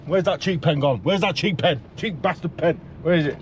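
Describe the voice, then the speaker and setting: A man's voice: on the high side, fairly quick, a little hiss or hum. A man with a Yorkshire accent, a truck driver vlogging from his cab, ranting and swearing in comic exasperation. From Yorkshire, England. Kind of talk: casual vlog.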